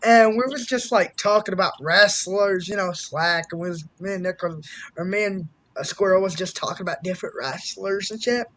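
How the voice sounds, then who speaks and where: High-voiced man telling animated stories. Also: moderate pace, dry recording. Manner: animated storytelling, swears freely. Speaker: guest storyteller. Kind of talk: casual chat on a live stream.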